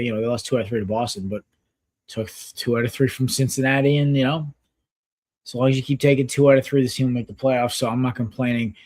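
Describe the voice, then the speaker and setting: Male podcast host, thirties, casual rambling sports talk, mid-pitched. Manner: rambling, filler-heavy, excitable.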